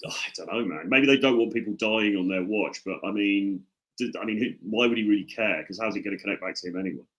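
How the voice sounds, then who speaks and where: A man telling rambling, deadpan stories on a casual podcast, full of restarts. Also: lowish voice, fast talker, lo-fi sound. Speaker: podcast co-host.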